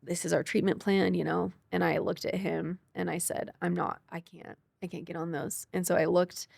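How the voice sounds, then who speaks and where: A woman's voice: lowish voice, flat delivery, creaky, darkish tone, no room sound, studio quality. A young woman, a podcast guest, telling her cancer story with emotion and quoting people as she goes. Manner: quick, tearful retelling with quoted dialogue.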